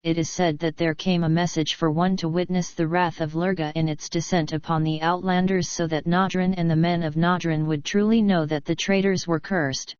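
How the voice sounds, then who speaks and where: A woman's voice: lowish voice, fairly even intonation, normal speed, hardly any pauses, darkish tone, clear, resonant tone, no echo, dull audio, lightly acted. A woman voicing a cowering, fearful male tribesman who pleads and mumbles sullenly, in a storybook reading.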